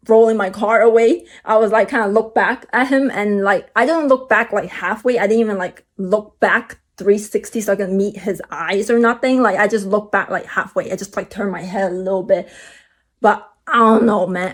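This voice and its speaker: A young woman telling a long storytime vlog, rambling with many "like"s and restarts, and getting animated at the exciting parts. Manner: animated, jumps high when excited. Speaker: vlogger.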